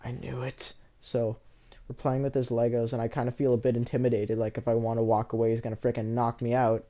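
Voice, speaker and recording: A man casually telling a story from his school days, rambling, with many restarts, often in a soft, low-key voice. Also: little pitch movement, quick pace.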